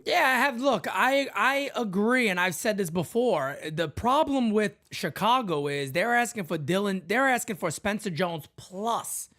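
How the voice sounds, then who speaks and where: A man's voice: high voice, animated, a little slow, few pauses, bright, forceful tone. A man hosting a sports fan call-in show, hammering his points home and repeating lines for emphasis.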